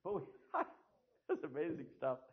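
A man's voice: fairly high pitch, wildly swooping pitch, normal speed. An older American man giving a history lecture to an audience, with sardonic, dry asides. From United States. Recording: tinny phone-like lo-fi recording.

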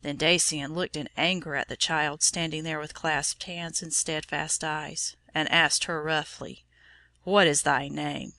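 Brief: woman narrator, low-ish, bright and crisp tone, measured storybook reading. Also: level tone. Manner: measured and solemn.

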